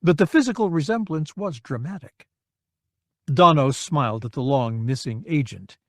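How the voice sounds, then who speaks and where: A man reads an audiobook with a measured, expressive storyteller's delivery. His voice sits a little high, and the studio-quality recording has no room sound.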